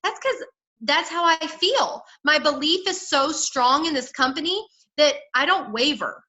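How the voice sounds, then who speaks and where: A woman's voice: sits high, expressive, a little slow, pushed and bright, poor audio. A woman giving an upbeat, direct pep talk to her sales team on a video call. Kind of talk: motivational coaching on a team call.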